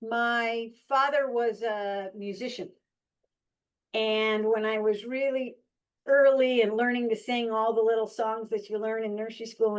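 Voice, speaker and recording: A woman in her sixties, a guest telling candid, reflective stories about her life with frequent restarts. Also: on the high side. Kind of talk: reflective personal storytelling.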